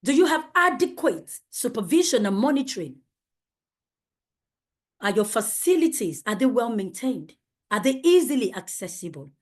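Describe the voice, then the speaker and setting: A woman's voice: on the high side, sing-song, normal speed. A woman leading a safeguarding training for teachers, speaking emphatically and asking many rhetorical questions.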